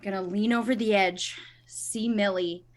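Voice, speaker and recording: A woman playing a character in a tabletop horror game, describing her actions and shouting in character at times. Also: mid-range voice, fairly even intonation, measured pace. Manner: speaks in character, describing actions with bold bursts. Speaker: player.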